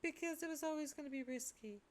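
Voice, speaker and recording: A woman's voice: high voice, fast, darkish tone, natural voice. A woman voicing an earnest young girl who talks in an urgent, coaxing way.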